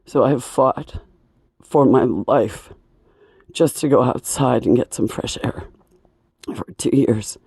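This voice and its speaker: Woman, hoarse broken voice, slow halting delivery, aggrieved and pleading; dry close sound. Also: very deep voice, mellow, no echo. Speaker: singer and breathing teacher. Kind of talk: emotional personal monologue. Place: indoors at home.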